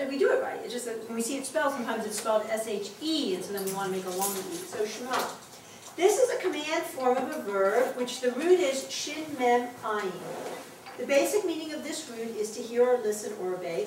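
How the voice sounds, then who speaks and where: A woman teaches a class of adults, explaining each point patiently and reading words out slowly. Her voice is a little high and comes from across the room. The classroom sounds very echoey, with faint room noise behind her. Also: a little mellow. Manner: encouraging, explains patiently, reads aloud slowly. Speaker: Hebrew teacher. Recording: very echoey classroom taped from far off.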